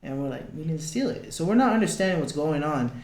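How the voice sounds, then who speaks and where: A young adult man, a podcast guest, tells a personal story casually, blunt and swearing, acting out the lines he quotes. His voice is fairly high-pitched, animated, fast, and a little mellow, with a roomy echo in the recording.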